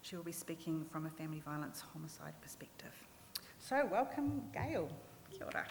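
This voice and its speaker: A woman with a New Zealand accent chairing a panel, introducing a speaker in a brisk, businesslike way. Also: low-pitched, very animated, creaky. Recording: echoey hall with faint noise.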